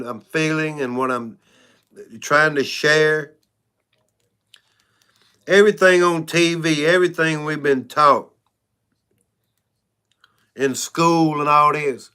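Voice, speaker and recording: A man's voice: a little high, bright, forceful tone, smooth. A man hosting a casual livestream. He rambles frankly and keeps saying "y'all". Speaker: channel host.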